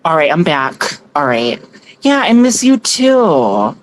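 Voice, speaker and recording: A woman's voice: low voice, very animated, slow, a little hiss or hum. A woman hosting a casual tarot livestream on her phone, chatty and giggly, thanking viewers by name as she reads their comments. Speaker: tarot reader and livestream host.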